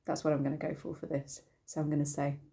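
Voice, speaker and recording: A middle-aged woman teaches singing in a casual, rambling way, full of ums and little restarts. Her voice sits a touch low and sounds soft and mellow rather than bright. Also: monotone, fast talker. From United Kingdom. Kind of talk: casual singing lesson to camera.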